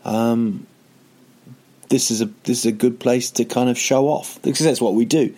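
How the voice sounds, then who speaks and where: A man's voice: medium pitch, fairly even intonation, normal speed, warm tone. A man, a comedian hosting a podcast, telling a rambling comic story with self-mocking jokey asides. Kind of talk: casual comedic monologue.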